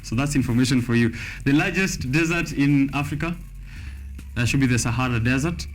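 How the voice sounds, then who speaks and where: Kenyan male TV host, casual and jokey, mid-pitched, faint music under. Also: fairly quick. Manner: laughing, playful. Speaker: TV show host. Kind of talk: casual quiz chat. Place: TV studio.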